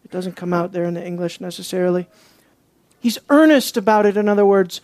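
A preacher delivering an expository sermon, emphatic and worked up, firing off rhetorical questions and dropping into hushed asides. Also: medium pitch, normal speed, no echo.

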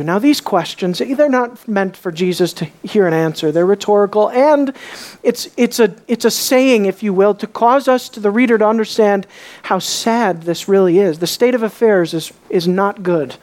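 A woman preaching a sermon. She asks the congregation rhetorical questions and swings between soft, low asides and raised exclamations. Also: normal speed.

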